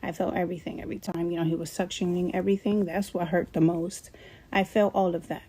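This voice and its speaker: A woman with a fairly low voice tells her own story in a halting way. She leans on fillers and repeats herself as she talks through a painful experience. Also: little pitch movement, warm tone, husky. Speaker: former surgery patient. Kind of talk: personal testimony.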